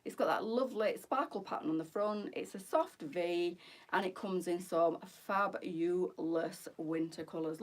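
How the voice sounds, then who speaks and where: A woman's voice: lowish voice, recorded from a distance. A middle-aged woman, hosting a live boutique try-on with bubbly, gossipy chat and frequent laughter. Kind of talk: chatty live-stream fashion talk.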